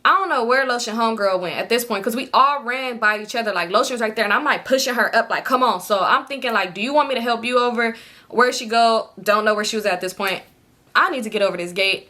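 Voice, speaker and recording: A young woman telling a storytime story in a casual, animated way, swearing freely and acting out quotes in a higher voice. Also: fast talker. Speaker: storytime vlogger.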